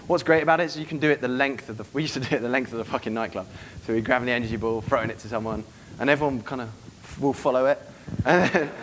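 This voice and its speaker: A quick, rapid-fire man running a live seminar, swearing freely and slipping into snippets of acted dialogue. His pitch sits in an ordinary middle range. A faint hiss of noise sits under the talk. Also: fairly bright tone. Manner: brash, profane, acts out quoted dialogue. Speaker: dating coach giving a seminar.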